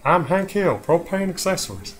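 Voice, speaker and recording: A man putting on a to voice a stern, uptight middle-aged cartoon dad with a slow, clipped drawl. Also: sits high, sing-song, voice pushed up.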